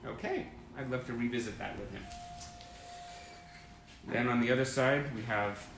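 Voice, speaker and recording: Hosting a fan livestream, a man chats enthusiastically and rambles while reading old press clippings and greeting viewers by name. His mid-range voice has a fairly bright tone and moderate pace. Captured by webcam or phone in an indoor room with sunlight through a window, the rough recording sounds roomy with slight background noise.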